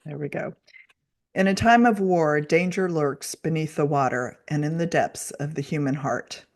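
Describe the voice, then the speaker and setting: An upbeat woman co-hosting a book podcast, her voice set somewhat low for a woman. She chats casually and laughs easily with her co-host. When reading a book blurb aloud she turns to a clear, steady delivery. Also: moderate pace. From Dallas, Texas, USA.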